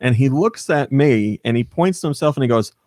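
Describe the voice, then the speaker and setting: A man's voice: mid-range voice, animated, brisk, dark tone, dry recording, studio quality. An American man hosting a podcast, telling a story in casual chat, acting out the voices in it and laughing often. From United States. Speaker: podcast host.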